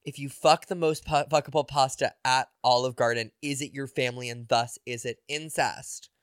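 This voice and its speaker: A man's voice: medium pitch, fairly even intonation, normal speed, smooth, no echo, studio quality. A man co-hosting a podcast, riffing and joking in casual chat. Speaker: podcast co-host.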